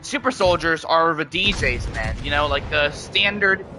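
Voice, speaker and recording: A man's voice: on the high side, animated, normal speed, music in the background. A man streaming a game, chatting casually to viewers in a rambling way and often restarting his sentences. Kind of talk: casual live-stream chat.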